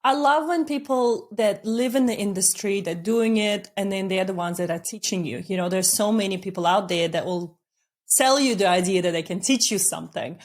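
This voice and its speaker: Woman podcast host, mid-pitched, measured and chatty, video-call interview. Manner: warm-paced, deliberately slowed speech, laughs often. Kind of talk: casual interview chat.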